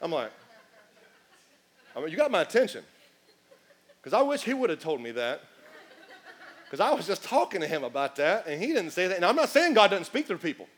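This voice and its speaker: A man preaching a sermon, animated and full of acted asides and shouted lines. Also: sits high, brisk, pauses often, slightly rough. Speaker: pastor.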